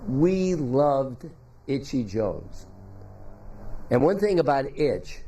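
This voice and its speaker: An older man giving a memorial tribute, telling folksy, halting anecdotes about a former teammate. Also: mid-range voice, big pitch swings, mellow, slightly rough.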